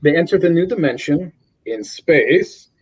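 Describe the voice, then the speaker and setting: A man's voice: a little slow, slightly rough. A man casually recapping a comic on a podcast, animatedly retelling scenes and acting out characters' lines. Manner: animated retelling, mimics characters with high strained voices. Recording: dull lo-fi recording.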